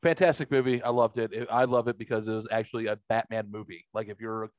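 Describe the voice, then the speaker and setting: A man's voice: fairly low pitch, level tone, fast, dry recording. 40s guy rambling thru a story, swears a lot, dry dead room, kinda dull lo-fi sound. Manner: rambling, profane, acts out quoted voices. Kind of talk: casual storytelling chat.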